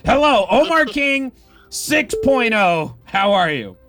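A male morning radio host running a call-in contest, talking in a brisk, playful way with quick restarts. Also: very high voice, big pitch swings, music in the background.

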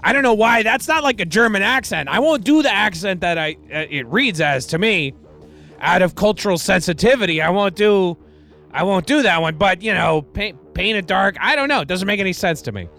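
High, bright-voiced wry radio DJ man. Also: fairly quick. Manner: wry, digressive, self-deprecating, with restarts and deadpan asides. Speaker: radio DJ and host. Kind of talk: rambling casual radio DJ patter. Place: college radio studio.

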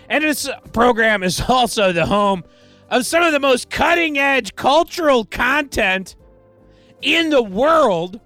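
Faint music plays under a man's high, bright, sharp voice as he talks into a studio mic. He's a radio DJ and host wandering wryly between song credits, poking fun at himself, tossing in deadpan remarks and starting sentences over.

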